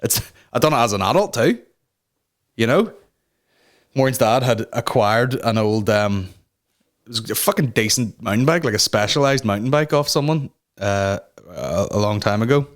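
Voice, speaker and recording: A man's voice: mid-range voice, expressive, moderate pace. A young man hosting a comedy podcast from home, ranting casually in a sweary, rambling, self-mocking way. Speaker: podcast host. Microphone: talking to a camera.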